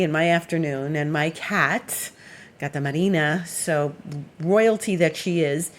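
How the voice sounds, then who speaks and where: A woman's voice: low-pitched, slight background noise. A woman astrologer giving a casual weekly forecast, chatty and meandering with plenty of fillers.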